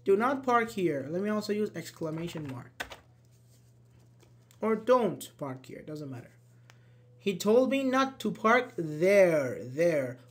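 Slow-paced online English teacher. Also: medium pitch, sing-song. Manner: slow, repeats examples, apologizes and laughs at own slips. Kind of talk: live-streamed grammar lesson reading chat.

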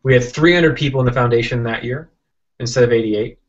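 A man tells a story in an interview, animated and rambling, often restarting and acting out quotes. His voice sits at a middling pitch. The sound is dull and lo-fi, like a video call. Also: fast talker. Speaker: interview guest, software entrepreneur.

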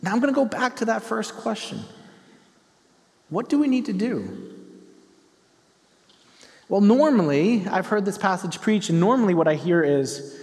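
A man's voice: sits high, animated, measured pace, pauses often, darkish tone. A man preaching a sermon to his congregation, telling a story tenderly and earnestly. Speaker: pastor. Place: large church hall. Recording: long hall reverb.

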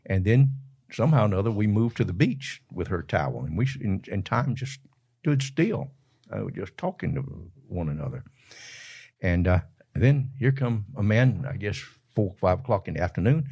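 Older southern guy from georgia, gravelly and kinda husky, voice swings all over while he spins a yarn. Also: on the low side, sing-song, moderate pace, warm tone. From Georgia, USA. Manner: colorful folksy storyteller, laughs often mid-sentence. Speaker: interview guest. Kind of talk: animated storytelling.

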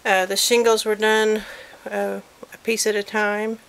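A woman's voice: mid-range voice, flat delivery, unhurried, fairly bright tone, smooth. A woman chatting casually as she films a handmade miniature at home on a handheld digital camera, with frequent apologetic asides. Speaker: crafter showing a handmade miniature. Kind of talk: casual show-and-tell vlog. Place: cluttered room at home.

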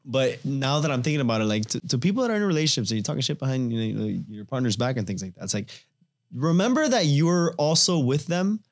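A man's voice: medium pitch, expressive, fast talker. A man co-hosting a podcast in casual chat, asking pointed questions with some heat. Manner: heated, challenging questions. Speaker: podcast co-host.

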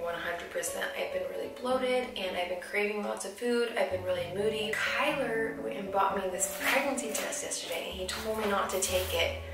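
A young woman talking excitedly to camera in a personal vlog, breathless and giddy, often dropping to a whisper. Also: medium pitch, gravelly. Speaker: vlogger. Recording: roomy, distant from the mic, music behind.

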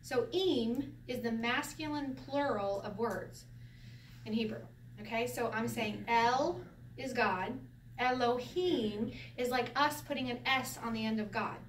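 A woman with a fairly high voice teaches a Bible Hebrew class in a relaxed way, laughing and asking her listeners questions as she goes. She is heard from some distance in a roomy space, with a faint hiss underneath. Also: measured pace. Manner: lively, laughs often, explains with rhetorical questions. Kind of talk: informal Bible class lesson. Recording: roomy echo from a distance, faint background noise.

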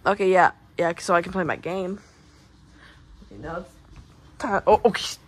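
A woman voicing a male animatronic gamer who gets worked up over losing, later reduced to a hoarse whisper. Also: on the low side, moderate pace. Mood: frantic gaming. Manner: excitable, then whispering hoarsely after losing voice.

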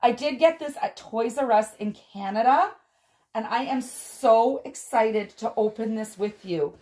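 A woman unboxing a doll advent calendar on a vlog, gushing and gasping with excitement as she talks straight to her viewers. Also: on the high side, a little slow. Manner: gushing, excitable, frequent gasps and exclamations. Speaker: doll collector vlogger.

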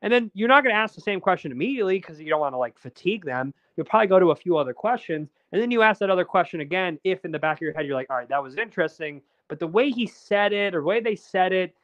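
A man's voice: sits high, animated, very fast, few pauses, no room sound, highs cut off. A man, a documentary filmmaker, chatting casually as a guest and rambling with lots of fillers and restarts. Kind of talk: casual interview chat.

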